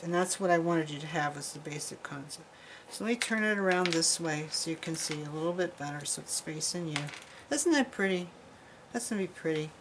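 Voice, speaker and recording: A woman with a fairly low voice talks casually as she demonstrates a craft, chatting and rambling while her hands keep busy. Recorded in a workshop with a faint hiss of noise underneath. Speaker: jewelry-making instructor.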